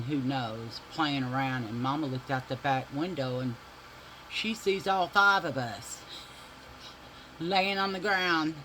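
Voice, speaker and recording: Slow, bright-voiced man telling stories. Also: on the high side, slight background noise, rough recording. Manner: animated, profane, drawling storyteller addressing viewers as y'all. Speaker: beauty vlogger. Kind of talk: casual storytelling while doing makeup.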